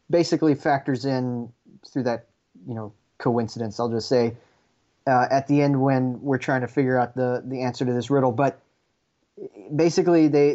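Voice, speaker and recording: A man with a mellow, dark tone co-hosting a casual film review chat. He talks in a measured, analytical way, restarting his sentences as he thinks, over a dull, lo-fi recording. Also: mid-range voice. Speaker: film review podcast co-host.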